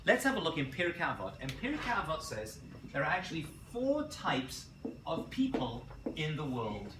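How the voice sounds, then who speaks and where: A man teaching a college class as a rabbi, lively and quizzing his students, correcting himself as he goes. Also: a little high, moderate pace, noisy background. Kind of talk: classroom lecture. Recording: roomy classroom picked up from a distance.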